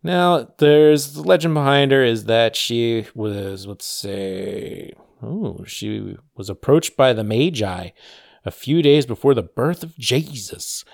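A man's voice: mid-range voice, lively intonation, takes it slowly, vocal fry, dry recording, studio quality. A man hosting a podcast alone, chatting casually with wry, rambling, sarcastic asides. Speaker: podcast host. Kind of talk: casual solo podcast chat.

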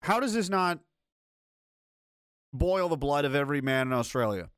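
A man's voice: a little high, animated, normal speed, fairly bright tone, clear, resonant tone, dry recording, studio quality. A man hosting a video commentary, ranting in an angry, blunt and profane way. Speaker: commentary host.

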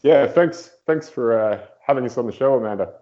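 A man's voice: mid-range voice, a little fast. A man on a podcast telling a funny story, acting out what people said. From outside the United States. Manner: animated storyteller, acts out quotes. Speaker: podcast guest. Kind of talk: casual storytelling. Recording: dull lo-fi audio.

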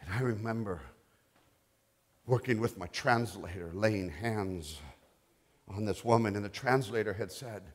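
A middle-aged male pastor preaching a sermon, telling a testimony softly and rising to loud, impassioned declarations. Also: lowish voice, unhurried, long pauses. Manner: quiet storytelling building to loud, impassioned declarations.

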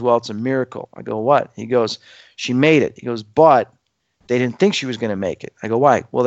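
A man's voice: mid-range voice, dry recording. Guy telling a wild story, doing the voices, kinda muffled dry audio. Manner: acts out quoted voices, lively and emphatic. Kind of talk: animated personal storytelling.

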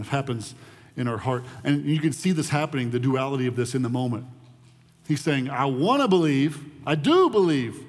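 A man preaching a sermon in an animated way, often repeating words as he builds his point. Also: mid-range voice, in a large hall. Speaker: pastor.

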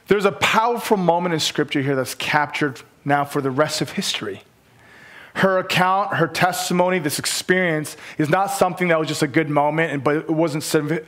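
A man, a guest pastor, preaching a casual sermon that moves from hushed prayer to reading scripture and telling lively stories. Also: a little high. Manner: casual, with fillers and restarts.

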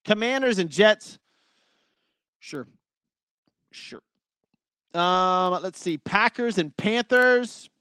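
A man's voice: sits high, slow, hardly any pauses, bright, forceful tone, clear, resonant tone, no echo. A man hosting a sports podcast, chatting loosely through game matchups and betting picks. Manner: loose, chatty, apologetic about glitches. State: breathing heavy. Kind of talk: casual sports betting talk.

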